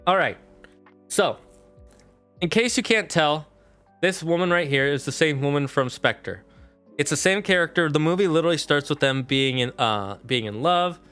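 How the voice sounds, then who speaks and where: Casual male streamer, animated and chatty, smooth voice over faint music. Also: fairly high pitch, normal speed. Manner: animated, chatty, talks to chat mods. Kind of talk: casual livestream chat.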